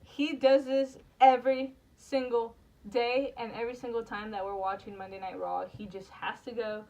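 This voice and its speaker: A woman's voice: fairly high pitch, little pitch movement, moderate pace, darkish tone. A woman co-hosting a casual wrestling review podcast, chatty and steering from topic to topic with lots of "like". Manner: chatty, leads the segments, frequent "like". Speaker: podcast co-host. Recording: distant mic with background noise.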